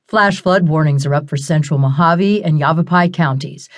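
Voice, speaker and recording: A woman narrator voicing a radio news announcer reading bulletins in an even, formal manner. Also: deep voice, normal speed, close to an everyday voice. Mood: newsreader formal. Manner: even, formal newsreader delivery.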